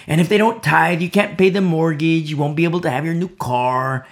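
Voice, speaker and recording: A man preaching who mockingly voices a smooth-talking male megachurch pastor in a wheedling tone. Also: fairly high pitch, fairly even intonation, fairly quick, close to an everyday voice. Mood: coaxing.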